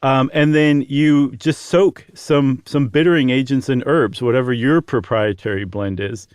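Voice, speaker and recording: A man's voice: medium pitch, measured pace, darkish tone, clear, resonant tone, dry recording, studio quality. A man co-hosting a podcast, chatting casually and explaining things with lots of fillers. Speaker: podcast co-host.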